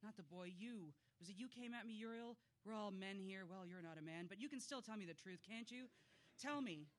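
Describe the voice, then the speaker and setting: A man's voice: high voice, fairly quick, close to an everyday voice. A dying gangster raving, as a man reads him out. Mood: pleading, raving. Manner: rambling, pleading, feverish ranting. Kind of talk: dramatic poetry reading.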